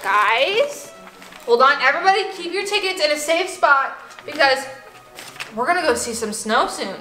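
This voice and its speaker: A high, bright young woman vlogging at home. She gushes in a bubbly way, peppers her talk with "like" and breaks into excited gasps. The room sounds echoey, with faint music playing underneath. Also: normal speed. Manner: bubbly, gushing, fillers of "like", gasping with excitement. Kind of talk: excited casual vlog.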